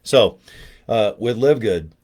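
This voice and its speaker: A man's voice: fairly low pitch, animated, takes it slowly, darkish tone. An older man talking in a casual, rambling vlog, joking and chatty with a self-deprecating streak. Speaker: network marketing promoter.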